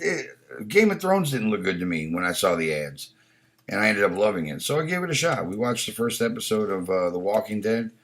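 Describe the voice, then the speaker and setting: On a casual live stream, a man whose voice sits on the low side with a fairly bright tone reads comments from chat aloud. His manner is blunt and opinionated, with plenty of swearing and repeated restarts.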